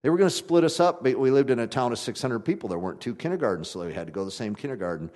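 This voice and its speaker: A man preaching a sermon in a conversational, folksy way, swinging from loud emphatic passages to quiet ones. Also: medium pitch, expressive, very fast. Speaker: pastor.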